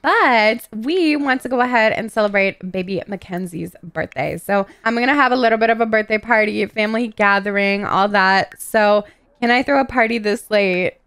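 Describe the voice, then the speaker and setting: A woman giving casual gameplay commentary in an excitable, gossipy and profane way. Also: mid-range voice, moderate pace, clean tone, no room sound. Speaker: gaming YouTuber.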